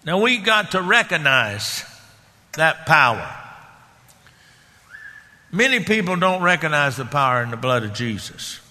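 A man preaching in a folksy, conversational manner, his voice bright and forceful. He sits slightly high for a man, and a long reverb from the church hall trails his words. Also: sing-song, a little slow, pauses often. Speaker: pastor. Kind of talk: sermon.

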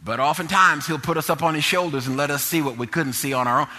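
A man preaches a sermon through a personal story, sinking to low murmurs and then rising to loud exhortation. He speaks at a quick pace, and the recording has a long reverb tail.

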